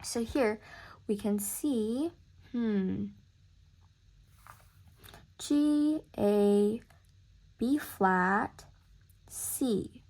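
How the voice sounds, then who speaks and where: Slow-talking woman tutoring music theory. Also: on the high side, darkish tone. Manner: chatty, thinks aloud, corrects herself mid-sentence. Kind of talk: casual screen-recorded lesson.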